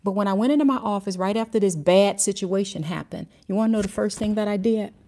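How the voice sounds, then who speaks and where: A woman's voice: medium pitch, fast, mellow. A middle-aged woman giving a livestreamed devotional talk, telling a personal story earnestly and drifting off before circling back to her point. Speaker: Christian teacher and mentor. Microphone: livestream camera mic.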